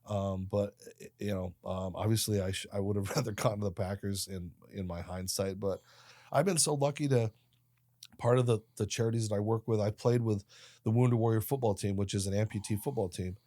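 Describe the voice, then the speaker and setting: A man in his late fifties, a podcast guest who tells his life stories in an animated way and acts out the people in them. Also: lowish voice, a little fast, no room sound, clean studio sound. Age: 50s. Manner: animated storyteller, voices other people in his anecdotes. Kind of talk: storytelling interview.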